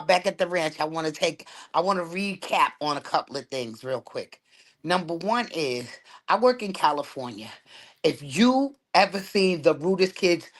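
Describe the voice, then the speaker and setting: Lively, emphatic woman. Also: deep voice. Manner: emphatic, preachy, animated. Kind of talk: casual chat.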